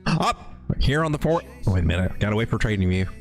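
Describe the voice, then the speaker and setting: A man's voice: on the low side, animated, brisk, soft background music. A man hosting a live chart-reading stream, joking and rambling as he talks through the charts and greets his chat. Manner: jokey, rambling, easily startled. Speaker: livestream host. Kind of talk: casual livestream chart commentary.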